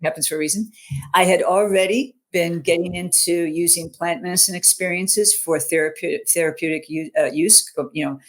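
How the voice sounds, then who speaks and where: A woman's voice: on the low side, steady tone, a little fast, few pauses. A middle-aged woman, a mental fitness coach, telling a personal story in an online interview. She speaks earnestly and keeps checking in with "you know", "okay?" and "right?".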